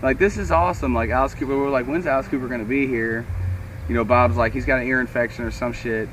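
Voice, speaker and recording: A man's voice: mid-range voice, fast talker. A man with a Kentucky accent co-hosting a casual chat, telling a rambling, profane story and acting out what others said. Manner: rambling, animated, profane, quotes others in raised voice. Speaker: show co-host. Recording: distant mic with faint street and traffic noise.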